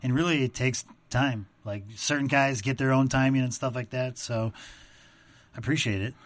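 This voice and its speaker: A man's voice: medium pitch, fairly even intonation, normal speed, dry recording. A male comedian talking casually and jokingly, swearing freely. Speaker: comedian, podcast guest. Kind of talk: casual chat.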